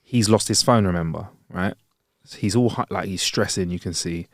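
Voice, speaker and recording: A man's voice: low voice, moderate pace, no echo, clean studio sound. A man tells a long story on a podcast. He swears freely and acts out the people in it. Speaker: podcast co-host. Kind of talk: casual storytelling chat.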